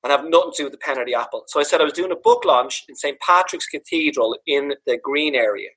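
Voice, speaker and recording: A husky, slightly high-voiced Irish man with a Dublin accent speaks quickly over poor audio. As an author appearing as a podcast guest, he tells funny stories about his dad in a casual chat, animated, laughing, and swearing.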